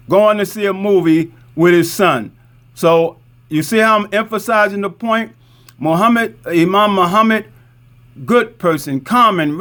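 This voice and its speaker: Middle-aged imam, raised voice, conversational storyteller who keeps checking in with the room. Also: male voice, sits high, a bit bright. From Newark, New Jersey. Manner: conversational, repeats points, asks "right?" often. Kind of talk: community talk with show-and-tell.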